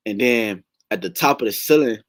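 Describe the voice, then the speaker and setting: A young man with a lowish voice tells his dream in loose, rambling speech, full of slang and curses. His voice is close and dry, with no room sound around it. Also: lively intonation, normal speed, no echo. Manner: rambling, emotional, slangy with frequent swearing. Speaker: testimony sharer. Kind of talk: casual spoken testimony.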